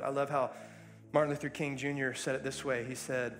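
Man, pastor, conversational sermon delivery with fillers, mid-range voice, soft music underneath. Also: medium pitch, flat delivery, a little fast. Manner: earnest, conversational storytelling with frequent fillers.

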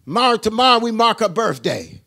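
High, raspy older bishop preaching. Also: male voice, sing-song, normal speed. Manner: call-and-response preaching that swells into shouting. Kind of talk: sermon. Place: church. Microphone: handheld mic.

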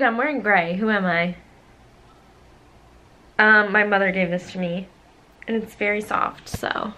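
A young artist who runs a small business vlogs casually about her art shop, bubbly and rambling, gushing and giggling with lots of fillers. Her voice sits at a medium pitch with a slight brightness, and the audio quality is poor.

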